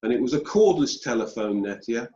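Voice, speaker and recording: A British man telling a personal story as an interview guest, slow and deliberate with pauses. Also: medium pitch, expressive, dark tone, slight background noise. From United Kingdom. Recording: dull roomy sound.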